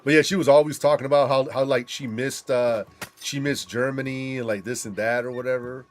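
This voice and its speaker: A man's voice: mid-range voice, brisk, faint music behind. A man hosting a gaming channel, chatting casually and swearing while he plays and tells stories. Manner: animated, swearing storyteller. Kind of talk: casual commentary while playing a game.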